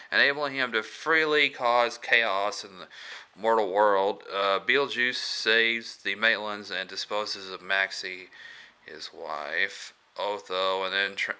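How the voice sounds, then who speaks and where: A man talks through a film review in a loose, rambling way, full of hesitations and restarts and chuckling as he retells scenes. His voice sits a little low but sounds very bright and sharp, with a smooth, crisp clarity. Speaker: movie reviewer. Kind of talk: casual movie review vlog.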